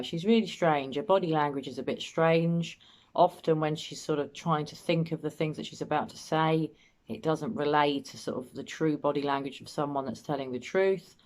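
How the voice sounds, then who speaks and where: A woman's voice: low-pitched, normal speed. A woman hosting a show, giving doubtful, musing commentary on an interview and often circling back to her points. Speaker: host, body language commentator. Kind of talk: analytical commentary.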